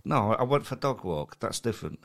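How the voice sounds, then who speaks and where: A man with a Mancunian accent co-hosting a casual comedy podcast, talking in a laid-back, mumbly way and quick to rib back. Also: mid-range voice, animated, creaky. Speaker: podcast co-host.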